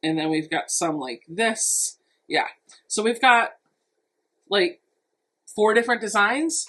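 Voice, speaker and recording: A woman's voice: medium pitch, lively intonation, slow, fairly bright tone. A woman quilting vlogger giving a chatty, enthusiastic unboxing walkthrough, thinking aloud as she goes. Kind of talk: casual unboxing narration.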